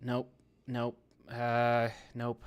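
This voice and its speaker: A man's voice: medium pitch, completely flat delivery, extremely slow, clear, resonant tone, highs cut off. A man streaming live, chatting casually with his viewers in a rambling, profane way and talking to himself while he browses.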